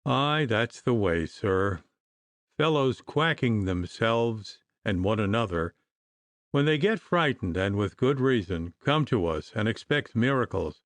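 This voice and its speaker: A bitter, contemptuous physician lashes out with emphatic scorn, as a man reading the book puts him on. His pitch leaps and dips with every jab, and the sound is dry and close, with no room around it. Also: expressive, measured pace, no echo. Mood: lecturing. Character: irritable sneering male doctor, middle-aged.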